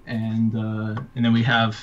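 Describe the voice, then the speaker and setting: Over crowd noise and dull audio, an author has a casual chat about his books and readers in a low, monotone voice. His speech is halting, full of fillers, stumbles, and restarts.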